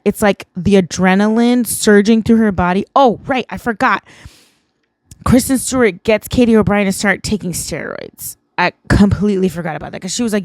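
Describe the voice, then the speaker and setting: A woman's voice: mid-range voice, normal speed, no echo. Tipsy woman rambling through a film recap. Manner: rambling, heavy use of "like". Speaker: vlog host.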